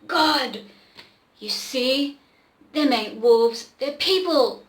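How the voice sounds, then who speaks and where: A woman's voice: high-pitched, expressive, extremely slow, roomy sound, full character voice. A woman voicing a jittery, spooked lanky young cowboy in a pulp western read aloud. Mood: shocked.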